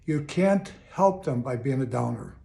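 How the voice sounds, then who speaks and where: This older man, a motivational video host at home in Chicago, speaks to camera in a casual, sincere, upbeat style, often going back over his phrases. His mid-range voice is animated, a little slow, warm and marked by vocal fry.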